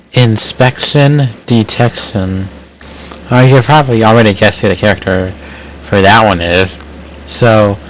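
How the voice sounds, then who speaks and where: A man casually reading his own fan-written cartoon script aloud, stage directions included, in an informal, quick manner. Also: on the low side, a little hiss or hum, rough recording. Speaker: channel host.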